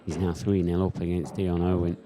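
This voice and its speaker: Low, flat-voiced male pool commentator. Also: a little fast, crowd noise. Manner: casual, chatty, reads viewer comments aloud. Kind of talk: live sports commentary.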